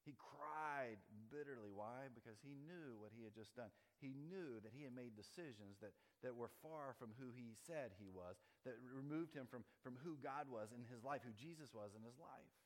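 A man preaching a sermon in a conversational way, slowing down to stress key words. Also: medium pitch. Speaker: pastor. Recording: long hall reverb.

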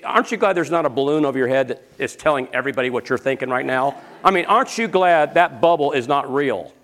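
A man preaching a sermon, swinging between loud, rising questions to the crowd and low, hushed storytelling.

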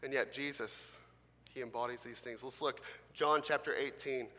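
Bright-voiced pastor preaching in a reverberant hall. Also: male voice, mid-range voice, moderate pace. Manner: animated, swings between loud emphasis and quiet gentle delivery. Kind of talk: sermon.

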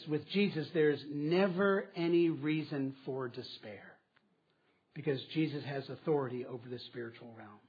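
Husky-voiced man preaching. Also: on the high side, dull audio. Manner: questioning, conversational preaching with emphatic repeats. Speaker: pastor. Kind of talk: sermon.

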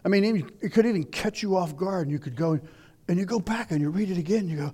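Man, older, sermon, impassioned, loud then hushed, high-pitched. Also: fast, slightly rough. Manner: impassioned, swings between loud declaiming and hushed asides. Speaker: preacher.

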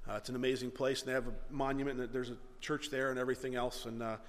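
A man preaching a sermon as pastor, animated, acting out the dialogue of the story and swinging between loud and hushed delivery. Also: mid-range voice, fast talker. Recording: long hall reverb.

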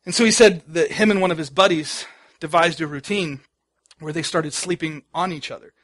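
Guy with a high voice preaching, loose storytelling, lots of ums. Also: moderate pace, a bit bright. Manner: conversational storytelling with frequent fillers. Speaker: pastor. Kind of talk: sermon.

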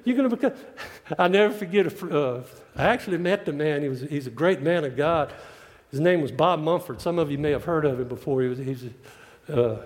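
A man's voice: fairly high pitch, darkish tone. A man preaching a sermon, folksy and joking, drawing out his emphatic lines. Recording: long hall reverb.

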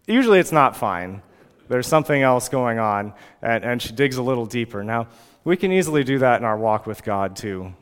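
A man in his forties preaching a sermon as pastor, earnest and lively, now and then acting out pleading prayers. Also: mid-range voice, big-room sound.

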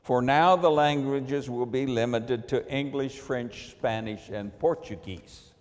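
A man's voice: medium pitch, slow. A man preaching a sermon, telling a personal story in a wry, storytelling manner. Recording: long hall reverb.

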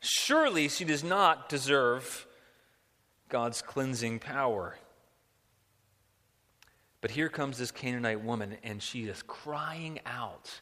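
Animated preacher man in a reverberant hall. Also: medium pitch, takes it slowly, pauses often. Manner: animated, rhetorical questions, repeats words. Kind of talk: sermon.

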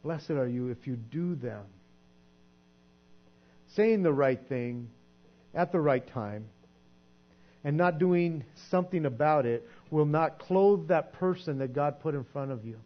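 A man preaching a sermon in a conversational way, sometimes acting out quoted voices and dropping to a soft hush. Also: a little high, lively intonation, unhurried, pauses often. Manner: conversational, acts out quoted voices, drops to soft hushed tones. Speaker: pastor. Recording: dull lo-fi sound with mains hum.

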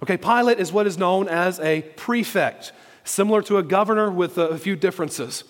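High-pitched man preaching, leans on repeated lines, big echoey hall sound. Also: fairly quick. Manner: emphatic, repeats key phrases for stress. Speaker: pastor. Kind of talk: sermon.

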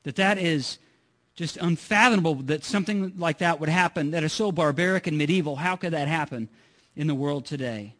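A man's voice: a little high, fairly quick, a bit bright. A middle-aged man preaching a sermon in a conversational way, often repeating words as he restarts. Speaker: pastor.

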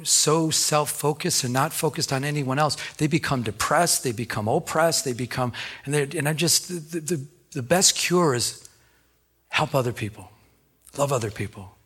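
A male pastor delivers a sermon in a fairly high, bright, forward voice. His storytelling is animated and loose, and he often stops and restarts a sentence before pressing on. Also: breathy edge.

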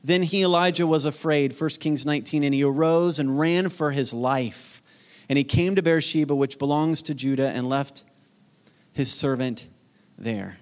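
Middle-aged male pastor, sermon, fairly high voice, earnest, emphatic then hushed. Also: normal speed. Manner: earnest, rising to emphatic peaks then dropping soft and hushed.

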